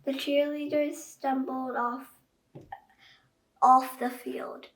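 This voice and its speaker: Woman reading a kids' book, slow and unhurried, chatty, echoey room. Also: high voice, flat delivery, a little hiss or hum. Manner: chatty, talks directly to young listeners. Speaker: children's story reader. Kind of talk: reading a children's book aloud. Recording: echoey room, voice far from mic.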